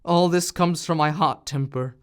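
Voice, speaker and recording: A man voicing a hot-tempered middle-aged innkeeper who shouts and pleads in a raised voice, in a storybook reading. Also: fairly high pitch, moderate pace, smooth, pitched above the performer's own voice, close to an everyday voice. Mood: panicky.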